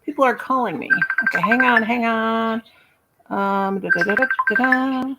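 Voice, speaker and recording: A woman's voice: a little high, moderate pace, very noisy. A middle-aged woman with a Southern US accent hosts a casual crochet livestream, playful and chatty, humming nonsense syllables. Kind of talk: casual live chat.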